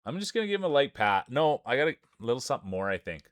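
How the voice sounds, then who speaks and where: A man's voice: medium pitch, fast, dry recording. A man streaming and giving playful sports-style play-by-play commentary on a game, joking and hyping up the players. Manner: excitable, joking, hypes up players.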